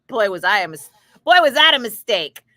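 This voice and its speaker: Bright-voiced woman DJ, swearing storyteller. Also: fairly high pitch, slow, no echo. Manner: animated, laughing, swears freely. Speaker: radio DJ. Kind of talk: casual storytelling chat between on-air segments. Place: radio studio.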